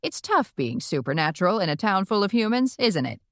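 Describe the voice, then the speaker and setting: A woman's voice: mid-range voice, very animated, brisk, a bit bright, no room sound, studio quality. A woman voicing a brash elderly witch grandmother doing stand-up comedy, with a brassy, bawdy delivery. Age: older.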